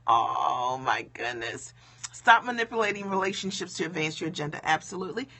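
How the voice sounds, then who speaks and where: Woman coach on a live stream, raspy, creaky and bright-toned, emphatic, keeps asking "okay?". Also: mid-range voice. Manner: emphatic, conversational, full of "okay?" and "right?". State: low-key because it is late. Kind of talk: motivational live stream talk.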